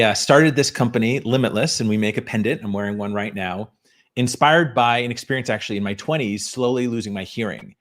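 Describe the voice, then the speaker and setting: A man interviewed as a company founder over a video call, fluent and explanatory. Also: fairly low pitch. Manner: fluent, explanatory, fast storytelling.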